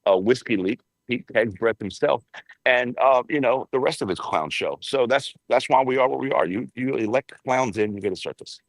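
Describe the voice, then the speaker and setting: A man's voice: medium pitch, normal speed, dry recording, rough recording. A man working as a Washington correspondent, giving blunt, emphatic political takes.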